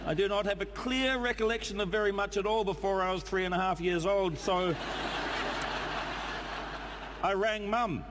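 A man with a New Zealand accent reads a letter with dry, deadpan comic timing. His voice sits fairly high, and the recording carries a long reverb tail over faint background noise. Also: normal speed, long pauses. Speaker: actor reading a letter aloud. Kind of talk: comic reading.

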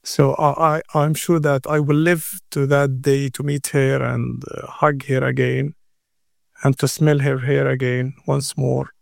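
Slow, gravelly man. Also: medium pitch, flat delivery, no echo, studio quality. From Gaza. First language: Arabic. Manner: halting, repeats words, earnest. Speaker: interview guest. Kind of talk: emotional interview answer.

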